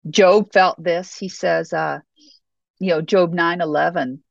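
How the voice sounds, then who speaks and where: A woman's voice: lowish voice, steady tone, slow pace, gravelly, no echo, dull audio. Conversational woman preaching a sermon. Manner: conversational, with frequent "okay" and "you know" asides.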